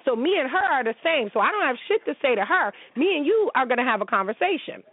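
A woman's voice: high voice, sing-song, quick pace, slightly rough, dry recording. Blunt, profane woman ranting over a phone line. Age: 40s. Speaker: show host. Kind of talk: casual monologue commentary. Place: at home. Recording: tinny phone-like line, dry.

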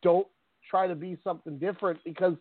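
A man with a high voice co-hosts a casual podcast chat, telling stories with animation and frequent laughter. He comes through a thin, phone-like line with no room sound. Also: brisk, no room sound. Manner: animated storytelling, often laughs. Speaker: podcast co-host. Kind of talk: casual chat about wrestling. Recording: tinny phone-like line, dry.

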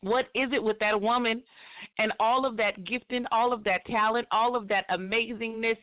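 A woman's voice: a little high, steady tone, normal speed. Upbeat woman host on a tinny line. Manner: upbeat, chatty, slangy. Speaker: radio show host. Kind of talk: casual live radio talk.

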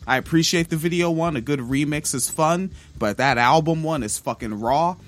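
A man's voice: fairly high pitch, moderate pace. A man hosting a podcast, talking loosely about music history with plenty of swearing and filler words. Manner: loose and profane, with many ums and uhs. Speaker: podcast host. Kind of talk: casual music-history commentary.

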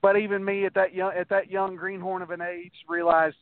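A man's voice: high-pitched, little pitch movement, fairly quick, dry recording. Rambling man on a tinny, dry line. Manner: rambling anecdotes with many restarts and acted-out quotes. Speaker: guest, wrestler. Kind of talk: casual storytelling interview. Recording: tinny phone-like, dry sound.

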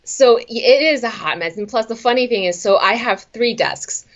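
A woman's voice: fairly high pitch, normal speed, dull audio. A woman from southern Taiwan, an author guest in a casual interview, chatty and laughing often with many fillers.

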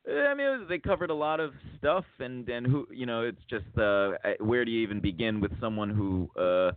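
A man's voice: medium pitch, lively intonation, brisk. Man rambling through a story, phone-like sound. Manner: rambling, lots of restarts, acts out quotes. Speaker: podcast host. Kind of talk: casual storytelling chat. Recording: tinny phone-like dry sound.

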